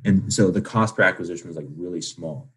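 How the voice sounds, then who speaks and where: Speaking fairly quickly in a low, slightly rough voice, this twenty-something interview podcast guest keeps things loose and chatty. He leans heavily on "like" and other fillers and plays out brief phone calls.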